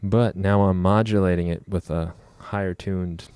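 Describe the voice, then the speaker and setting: A man giving a casual music production tutorial at his computer, explaining each knob in a relaxed way with frequent ums, over loud instrument sounds. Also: low-pitched, normal speed, noisy background. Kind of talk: casual screen-recorded software tutorial. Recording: loud instrument demos behind the voice. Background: loud synth and trumpet sounds playing.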